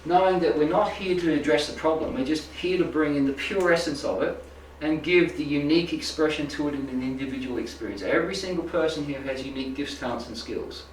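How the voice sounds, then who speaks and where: A man with a fairly high voice speaks briskly, hardly pausing, as he teaches spiritual healing to a small group indoors in a loose, rambling way, checking in with "right?" and "make sense?". The distant mic picks up an echoey room and a little hiss or hum.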